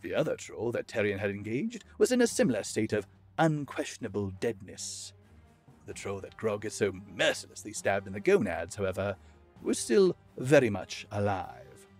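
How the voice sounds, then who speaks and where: A man narrating a fantasy audiobook in a measured, expressive storytelling manner. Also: on the low side, soft background music.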